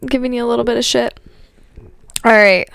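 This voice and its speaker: A woman's voice: a little high, fairly even intonation, fairly quick, vocal fry, a bit bright, clear, resonant tone, no echo. A woman co-hosting a casual podcast, playful and teasing, often laughing. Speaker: podcast co-host. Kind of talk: casual chat.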